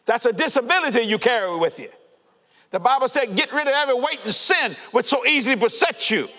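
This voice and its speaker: A man preaching a fervent sermon to a congregation, shouting and laughing as he goes. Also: very high-pitched, animated, brisk. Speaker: pastor. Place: church sanctuary. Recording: reverberant church hall.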